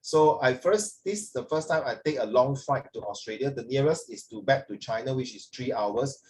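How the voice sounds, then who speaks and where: A man's voice: medium pitch, normal speed, a little mellow, slight background noise. A man teaching an online English class over a video call, joking with the pupils and mixing English with Chinese. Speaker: English tutor.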